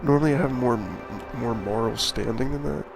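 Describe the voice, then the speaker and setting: Rambling gravelly-voiced male streamer. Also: medium pitch, a little fast. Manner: rambling, self-deprecating, jokey asides. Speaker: streamer playing a video game. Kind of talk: casual live-stream chat. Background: video game music.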